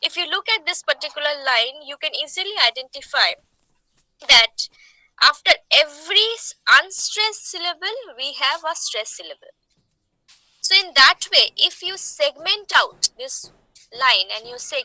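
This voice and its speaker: A woman teaching poetic meter, explaining slowly and asking rhetorical questions. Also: high voice, expressive, bright, forceful tone, dry recording, poor audio. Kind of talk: poetry meter lesson.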